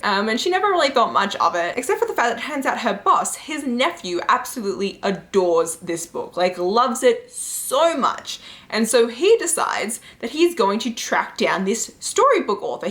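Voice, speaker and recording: A woman talks through her favourite webcomics in a relaxed, chatty way. She rushes through the plots with animated energy and sprinkles in plenty of "like" and "you know." Her voice sits at a middling pitch for a woman. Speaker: book and webcomic reviewer. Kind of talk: casual recommendation chat.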